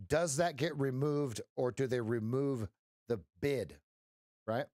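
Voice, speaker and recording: A man's voice: medium pitch, a little slow, warm tone, no echo, clean studio sound. A man giving live trading commentary on a stream, wry and teasing as he talks to his chat.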